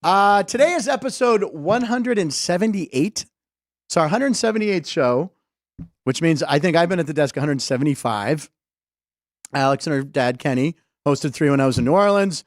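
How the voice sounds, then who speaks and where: Jokey male podcast host, high voice. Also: lively intonation, dry recording, clean studio sound. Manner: jokey, rambling, quick asides. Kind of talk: casual sports comedy podcast banter. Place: studio desk.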